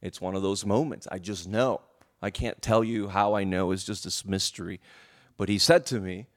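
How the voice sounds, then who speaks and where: A male preacher telling a story in a sermon, animated and emotional, often restarting his words. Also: low voice, normal speed.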